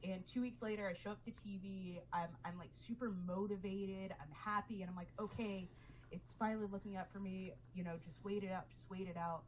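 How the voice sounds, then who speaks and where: A woman's voice: mid-range voice, fairly even intonation, fairly quick, poor audio. Woman in an interview telling her story, emotional, faint hiss behind. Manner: emotional, candid, acts out quotes. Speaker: interview guest.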